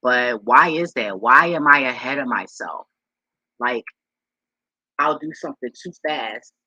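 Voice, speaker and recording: Woman vlogging, husky and sharp-toned, rambles and cusses a lot. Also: very deep voice, animated, a little slow, no echo, rough recording. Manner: loose and profane, rambling with many restarts; talks straight to her viewers as y'all. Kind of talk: casual rambling monologue to viewers.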